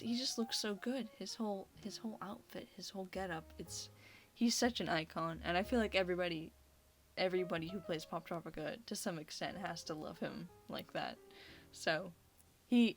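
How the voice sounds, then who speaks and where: A woman's voice: on the low side, a bit bright. A young woman rambling casually and gushing, with lots of "like" fillers. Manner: gushing, chatty, heavy use of "like" fillers. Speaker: video creator. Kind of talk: casual rambling ranking video. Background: faint background music.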